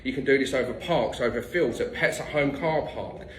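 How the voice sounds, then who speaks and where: A man's voice: medium pitch, moderate pace, a bit bright, reverberant, slight background noise, low-quality recording. Blunt man giving dog training tips. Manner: blunt, no-nonsense, occasional swearing. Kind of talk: direct instructional tips.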